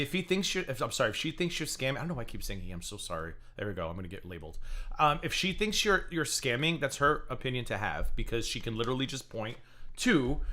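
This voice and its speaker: A man's voice: medium pitch, bright, forceful tone. A man hosting a livestream, commenting in a profane, sarcastic rant. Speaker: livestream host.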